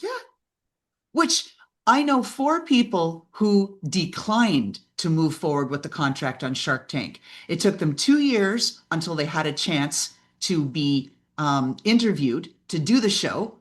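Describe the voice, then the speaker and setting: A woman speaking as a podcast guest and business mentor, telling lively stories, acting out quoted voices and often asking "right?". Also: sits low, slow pace. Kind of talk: animated interview conversation.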